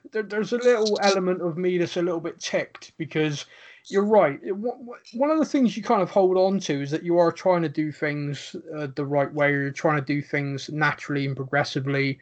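A man hosting a casual podcast, reading out listener questions and answering in a chatty way with stammering restarts and frequent laughs. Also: fairly high pitch. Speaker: podcast host.

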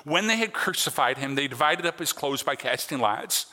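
Bright high-voiced male preacher in a reverberant hall. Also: animated, moderate pace. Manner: earnest, conversational preaching with check-ins to the congregation. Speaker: pastor. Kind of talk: sermon.

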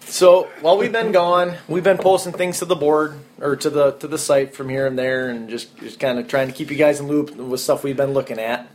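A young man co-hosting a podcast in a casual chat, cracking jokes and cutting in quickly. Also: a little high, steady tone. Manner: joking, quick interjections, laughs a lot. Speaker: podcast co-host.

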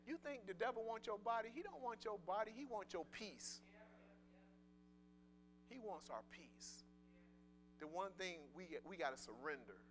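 A man giving a sermon with personal testimony, conversational and emphatic, repeating words and swinging from loud declarations to soft murmurs. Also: high voice, expressive, moderate pace, long pauses, noisy background.

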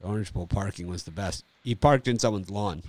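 A man's voice: sits low, brisk. A man hosting a casual sports betting chat, rambling and enthusiastic, repeating himself as he tells stories. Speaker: sports betting show host.

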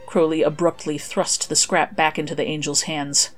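A woman reading her own story aloud as a narrator, in an even, measured way. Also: deep voice, faint music behind. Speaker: author reading her fanfic. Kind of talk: audiobook narration.

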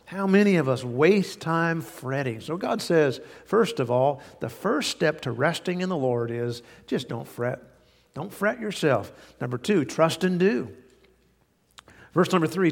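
A man with a slightly high, gravelly voice preaches a sermon, pressing each point again and again and leaning on homespun stories. His voice carries a long reverb, as if from a large church hall. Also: animated, measured pace. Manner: earnest, repetitive emphasis with folksy anecdotes. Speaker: pastor.

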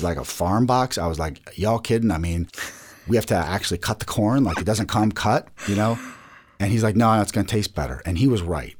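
A man's voice: sits low, a little mellow. A man answering interview questions about his restaurant chain, rambling with lots of restarts and repeated words.

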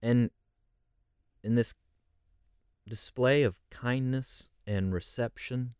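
A man's voice: medium pitch, slow, a little mellow, clear, resonant tone, no room sound, clean studio sound. A man leading a conversational Bible study, reflective and posing rhetorical questions.

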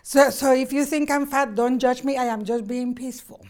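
A middle-aged woman comedian chatting as a guest, animated and rambling, with frequent laughter. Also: sits high, normal speed. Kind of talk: casual comedic chat.

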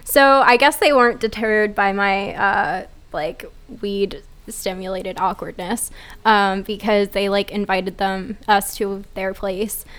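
A woman's voice: mid-range voice, steady tone, slow pace, a bit bright, clear, resonant tone. A woman co-hosting a podcast, telling a story in a rambling casual way with lots of fillers. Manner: rambling storytelling, heavy use of "like". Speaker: podcast co-host. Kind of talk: casual chat.

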